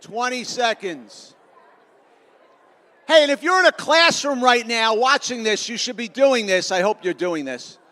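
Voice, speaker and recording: Man, middle-aged, motivational school speaker, jokey and self-mocking, lively crowd work, long auditorium echo. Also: extremely high pitch, a little slow.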